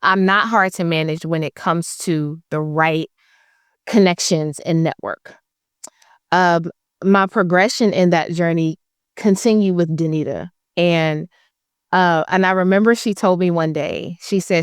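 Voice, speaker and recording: A woman's voice: lowish voice, measured pace, clean tone, no echo, studio quality. A woman guest on a podcast, telling her own stories in a blunt, emphatic, candid way. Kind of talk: candid conversational storytelling.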